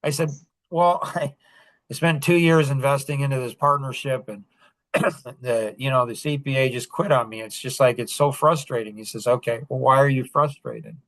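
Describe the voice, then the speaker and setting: With a mid-range, slightly bright voice and a moderate pace, a man hosting a podcast tells stories in a relaxed way. He animates them heavily, performing the quoted dialogue, and there's no echo on the recording.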